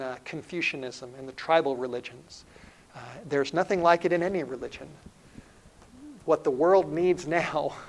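A middle-aged male preacher giving a sermon in an earnest way, building up loudly and then dropping to a hushed, intimate tone. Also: on the high side, poor audio. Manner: earnest, swells loud then drops to a hushed tone.

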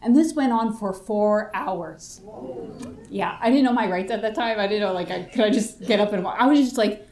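A woman's voice: mid-range voice, normal speed, darkish tone. A young woman giving a personal faith testimony, telling her story and acting out what the other people said. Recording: roomy echo.

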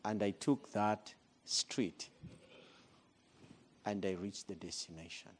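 Slow-speaking man telling a sermon story. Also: on the low side, fairly even intonation, slight background noise. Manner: slow, deliberate, with dramatic swings in loudness. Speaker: guest speaker.

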